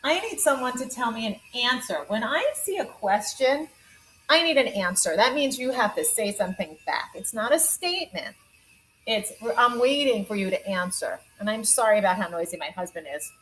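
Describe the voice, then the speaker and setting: A young adult woman teaching a phonics lesson to young children from home, in a slow, sing-song teacher voice that exaggerates the rhythm of sentences. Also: fairly high pitch, animated, a bit bright, faint music behind, poor audio.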